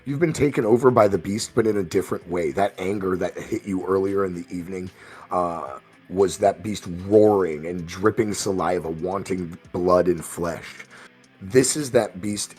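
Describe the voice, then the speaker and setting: Brief: low-voiced male game master, slow vivid narration, soft music in the background. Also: breathy edge. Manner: slow descriptive narration with fillers.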